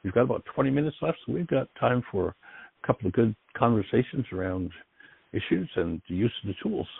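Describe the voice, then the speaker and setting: A low, gravelly man hosts a call-in radio show in an earnest, encouraging way. His voice is husky and reflective. The sound is thin and phone-like, with no room echo at all. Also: big pitch swings, a little fast. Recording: dry, tinny phone-like line.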